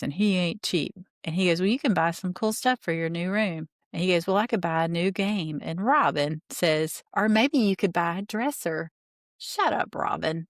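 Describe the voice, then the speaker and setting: A woman's voice: on the low side, no echo, studio quality. A woman podcast host casually recapping a reality show, retelling scenes and quoting the people in them, with blunt, opinionated asides.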